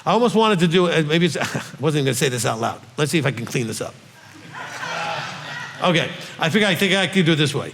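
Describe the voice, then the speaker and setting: A man's voice: a little high, expressive, a little fast, vocal fry, noisy background. A rabbi giving a conversational Bible teaching, earnest and coaxing, often checking in with his listeners. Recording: long hall reverb.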